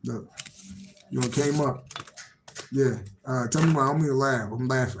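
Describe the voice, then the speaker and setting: A man's voice: medium pitch, moderate pace, long pauses, slight background noise, low-quality recording. A man doing a casual live-stream tarot reading, rambling and repetitive, swearing freely and laughing to himself. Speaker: tarot reader.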